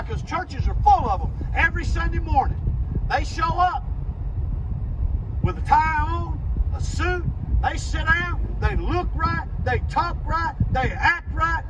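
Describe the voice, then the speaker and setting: Man preacher, very high voice, emphatic repeated phrases, far from the mic, muffled sound. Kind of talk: sermon. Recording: distant muffled recording with loud engine noise.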